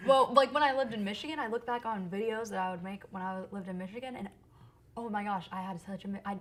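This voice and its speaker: A woman singer-songwriter chatting as an interview guest, lively and quick to laugh, recorded in a theater. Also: mid-range voice, a crowd in the background. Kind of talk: casual interview chat. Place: theater stage.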